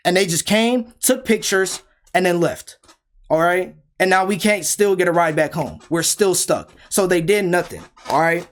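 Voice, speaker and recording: A man's voice: high-pitched, lively intonation, normal speed, a bit bright. Heated young man ranting through a storytime. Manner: heated, emphatic, repeats himself, asks rhetorical questions. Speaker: storyteller vlogger. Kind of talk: casual storytime rant.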